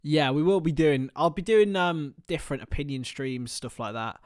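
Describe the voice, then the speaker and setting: A young man hosting a casual live stream, chatting with viewers by name and bursting into excited shouts. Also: on the high side, normal speed, dry recording, clean studio sound. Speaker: livestream host.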